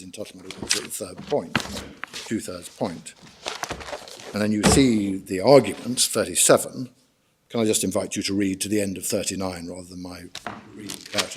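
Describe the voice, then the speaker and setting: Formal barrister, low voice. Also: male voice, steady tone, noisy background. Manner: measured, formal, guides the bench through documents. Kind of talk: courtroom legal argument. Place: court hearing room.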